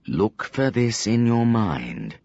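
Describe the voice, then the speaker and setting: A man voicing a stern older male magician who acts as a calm mentor, speaking in a slow, measured, commanding way. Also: lowish voice, gravelly, highs cut off, full character voice. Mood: instructive.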